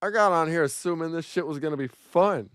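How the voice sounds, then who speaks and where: A young man cursing his way through a game, talking to himself and breaking into loud exclamations. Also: on the high side, a little fast, loud music behind the voice. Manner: profane, talks to himself, bursts into loud exclamations. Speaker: gamer. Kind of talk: live gameplay commentary.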